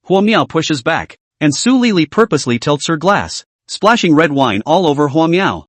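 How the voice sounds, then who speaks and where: A man's voice: on the high side, big pitch swings, moderate pace, no echo. A man narrating a scripted comic story recap in a dramatic storytelling manner.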